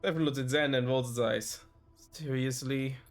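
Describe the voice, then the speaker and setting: A man's voice: medium pitch, very fast, soft background music. A man streaming, reading a narrative video game aloud and often stopping to correct himself. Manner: frequent self-corrections and restarts while reading.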